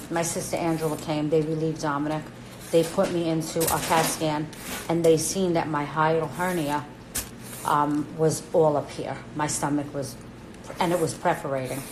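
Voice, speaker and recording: Middle-aged woman, lowish voice, blunt casual storytelling, swears a lot, noisy kitchen livestream. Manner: chatty, blunt, swears freely, acts out quoted dialogue. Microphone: phone livestream.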